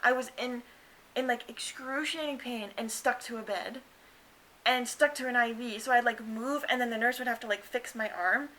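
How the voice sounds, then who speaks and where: A woman's voice: steady tone, normal speed, pushed and bright, poor audio. A young woman in her twenties telling her birth story in a chatty way, full of fillers, acting out what people said. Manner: chatty, many "like" fillers, acts out quotes in higher voice. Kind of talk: casual storytelling to camera.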